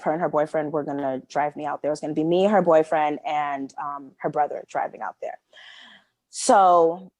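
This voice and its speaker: A young adult woman co-hosting a podcast, telling a story in casual chat, animated and full of "like" fillers as she acts out what people said. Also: lowish voice, no echo. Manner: animated, many "like" fillers, acts out quoted dialogue. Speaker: podcast co-host.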